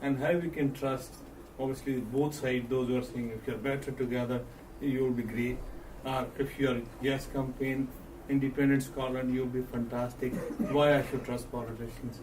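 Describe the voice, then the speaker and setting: A man in the audience putting a question to a debate panel in a measured way. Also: mid-range voice, little pitch movement, a little mellow. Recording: distant mic, noisy room.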